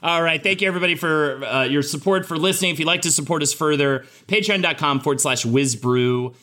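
Bright tense-sounding guy hosting a podcast, animated, laughing a lot, keeps restarting sentences. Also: a little high, fairly quick. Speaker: podcast co-host. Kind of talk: casual podcast chat.

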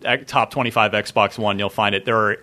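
A man hosting a casual chat show, talking in an animated, chatty way with loose restarts. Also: fairly low pitch, a little fast. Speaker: podcast host.

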